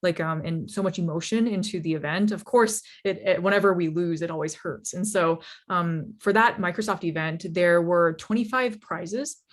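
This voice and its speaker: A young woman telling her founder story in a lively, casual talk, full of fillers and laughs. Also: fairly low pitch, normal speed, few pauses. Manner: animated, laughs often, many fillers like "you know" and "like". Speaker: startup founder speaker.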